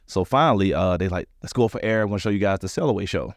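A comedian guest in a casual interview tells stories with animation, acting out other people's lines. He talks fast in a low voice, and the studio-quality recording has no echo.

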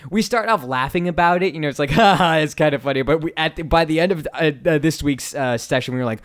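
A man's voice: fairly high pitch, quick pace. A man co-hosting a podcast in casual, rambling chat full of fillers and restarts. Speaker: podcast co-host.

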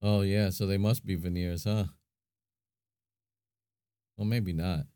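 Low, mellow-voiced man musing casually. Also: fairly even intonation, takes it slowly, clear, resonant tone, no room sound, clean studio sound. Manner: hesitant, thinking aloud with many fillers. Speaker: podcast co-host. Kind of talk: casual chat.

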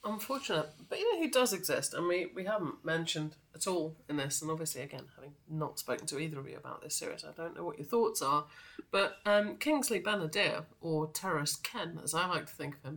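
A woman's voice: deep voice, animated, a little fast, hardly any pauses, a bit bright. A woman co-hosting a podcast, chatting casually in an enthusiastic, playfully emphatic way. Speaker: podcast co-host. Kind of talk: casual fan podcast chat.

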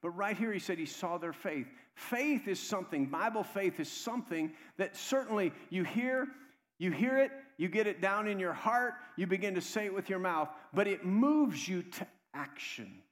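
A man preaches in a church, his voice high for a man. He moves between quiet, low stretches and raised, urgent calls to the congregation. A long reverb trails every phrase. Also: lively intonation, normal speed. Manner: swings between hushed low stretches and loud, raised exhortation; conversational, calls out "come on" to the congregation. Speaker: pastor. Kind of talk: sermon. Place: church sanctuary.

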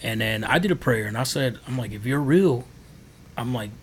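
A man's voice: mid-range voice, quick pace, fairly bright tone, slight background noise. A man on a podcast telling his faith testimony in a casual, earnest, rambling way. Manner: earnest, rambling storytelling with many fillers. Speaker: podcast guest.

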